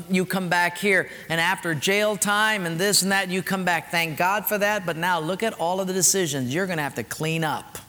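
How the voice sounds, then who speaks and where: A man's voice: sits high, bright, forceful tone. A man preaching a sermon, telling a personal story with emphatic turns. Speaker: pastor. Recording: echoey hall, faint noise.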